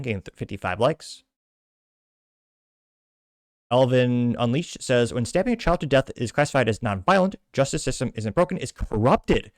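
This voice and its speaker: A man's voice: medium pitch, dry recording. Stumbling self-mocking male show host. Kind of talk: casual commentary reading social media posts.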